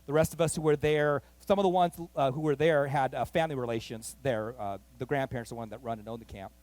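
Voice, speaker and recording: A man pastor telling a story in a sermon, animated and acting out the voices of the people in it. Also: medium pitch, fast talker, dry recording. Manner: animated, acts out quoted voices, rising excitement. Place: church.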